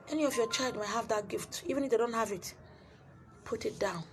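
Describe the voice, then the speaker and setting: A woman's voice: fairly high pitch, a little fast, soft background music. Emphatic Nigerian woman preaching. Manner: emphatic, repeats phrases, swings from loud to hushed. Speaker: spiritual teacher selling her handouts. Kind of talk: preaching to camera.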